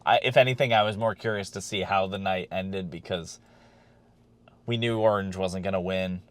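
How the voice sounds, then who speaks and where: A man's voice: deep voice, steady tone, normal speed. A man co-hosting a podcast, chatting casually and rambling a bit, with fillers and the odd swear. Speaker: podcast co-host. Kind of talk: casual wrestling chat.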